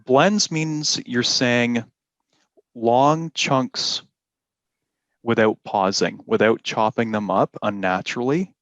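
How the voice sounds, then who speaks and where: A man teaching an exam-prep class, explaining slowly and deliberately and stressing key words. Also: medium pitch, a bit bright, dry recording. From Canada. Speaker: IELTS teacher. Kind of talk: classroom lesson.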